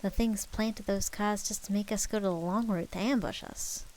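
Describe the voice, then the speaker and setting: A woman's voice: medium pitch, fairly even intonation, moderate pace, darkish tone, natural voice. A woman voicing a joking adult male survivor with a put-on rat-like voice. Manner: rat accent.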